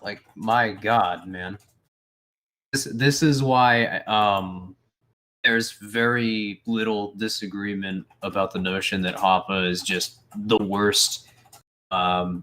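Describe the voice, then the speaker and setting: Guy co-hosting a politics stream, emphatic, keeps restarting, sharp bright voice. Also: fairly low pitch, slow. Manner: emphatic, restarts phrases, animated. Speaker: co-host. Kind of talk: casual political commentary.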